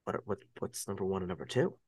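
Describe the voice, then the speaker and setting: A man's voice: sits low, expressive, quick pace, darkish tone, husky, no room sound, studio quality. A man with a Long Island accent co-hosting a casual sports podcast, enthusiastic and prone to stammering repeats. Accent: Long Island New York. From Long Island, New York. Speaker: podcast co-host.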